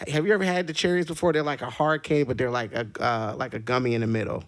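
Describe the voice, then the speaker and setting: Guy hosting a chill podcast, animated storyteller, laughs a lot, normal middle voice. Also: medium pitch, fast talker. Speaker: podcast host. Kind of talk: casual chat.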